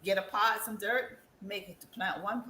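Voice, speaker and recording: A woman talking casually and animatedly about wellness, acting out other people's voices with big jumps in pitch and laughing often. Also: steady tone, normal speed, bright, forceful tone. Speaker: wellness guest. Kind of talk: casual chat. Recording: echoey room with faint ambient noise.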